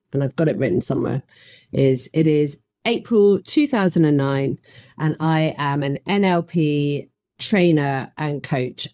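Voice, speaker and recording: A woman, a podcast guest telling her career story in an animated way, acting out what people said. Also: low-pitched, no echo, clean studio sound. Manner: animated, acts out quoted voices. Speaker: guest, facilitation trainer. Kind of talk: conversational storytelling.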